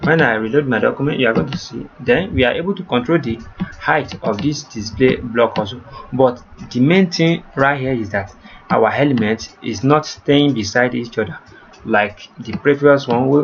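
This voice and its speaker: Male coding tutor, patient and repetitive, mid-pitched voice, slightly muffled lo-fi recording with faint background noise. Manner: repetitive step-by-step explaining, addresses viewers as you guys.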